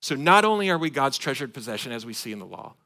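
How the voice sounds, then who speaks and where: A man from Michigan preaching a sermon to his congregation, swinging between loud emphatic points and quiet asides. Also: medium pitch, sing-song, quick pace. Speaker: pastor. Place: church sanctuary.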